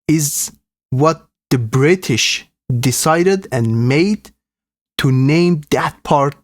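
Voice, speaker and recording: A man's voice: fairly high pitch, dry recording, studio quality. A man hosting a live reaction stream, commenting earnestly and indignantly to his viewers.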